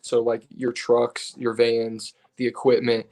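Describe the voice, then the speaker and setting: A man's voice: mid-range voice, slow pace. Tired man co-hosting a live stream; loose, rambling trainer talk. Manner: relaxed, rambling, reads comments aloud. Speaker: co-host, personal trainer. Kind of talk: casual live-stream chat.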